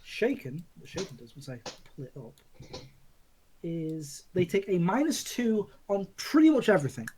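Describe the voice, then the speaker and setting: A man running a tabletop role-playing game as game master. He gives rulings in a brisk, matter-of-fact way. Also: high-pitched, very animated, a little mellow, slight background noise, poor audio.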